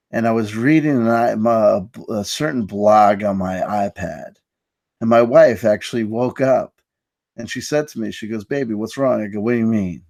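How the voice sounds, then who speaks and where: A man's voice: fairly low pitch, a little mellow, no room sound. A man hosting a live online stream, telling a story in a mock-grandiose, self-mocking way. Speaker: host. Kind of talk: casual live-stream chat.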